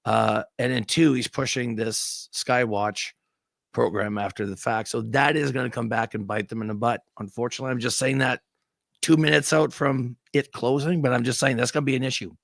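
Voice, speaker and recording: Blunt, gravelly skeptical man. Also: mid-range voice, fairly even intonation, moderate pace, dry recording, studio quality. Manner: skeptical, blunt, devil's advocate. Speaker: livestream co-host. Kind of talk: casual chat.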